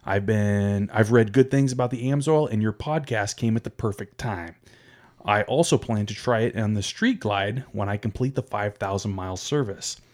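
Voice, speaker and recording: A man's voice: fairly low pitch, normal speed, a little mellow. A man co-hosting a podcast, chatting casually and reading listener emails aloud with little asides. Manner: easygoing, reads with little asides. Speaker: podcast co-host.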